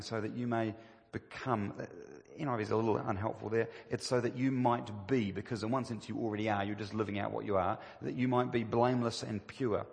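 A man's voice: fairly low pitch, vocal fry. A man preaching a sermon, emphatic and full of rhetorical questions. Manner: emphatic, rhetorical questions, rising to stress key phrases. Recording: long reverb of a church hall.

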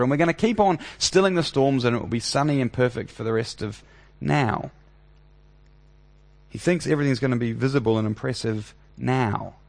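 Brief: New male preacher, mid-pitched with a gravelly edge, emphatic sermon delivery that rises and drops. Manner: emphatic, swings between loud animated and hushed.

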